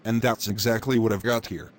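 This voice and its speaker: A man's voice: fairly low pitch, brisk, over loud music, close to an everyday voice. A man playing a sly, scheming tenant. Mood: gloating. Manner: flattering in public, gloating in private. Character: scheming male tenant faking poverty, sly.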